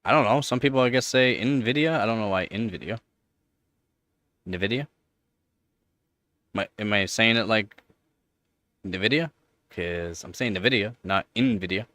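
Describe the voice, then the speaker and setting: A man's voice: on the low side, a little slow, long pauses, no echo. Rambling Canadian man on a dry mic. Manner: rambling, animated, repeats himself for emphasis. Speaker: livestream host. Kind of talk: casual live-stream chat.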